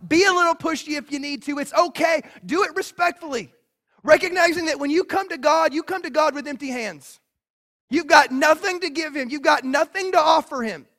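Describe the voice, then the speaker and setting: A man delivers a sermon with a strikingly high voice. He talks to the congregation in a casual, energetic way, often acting out the lines he quotes. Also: fairly quick. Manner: energetic, conversational preaching with acted-out quotes. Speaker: pastor.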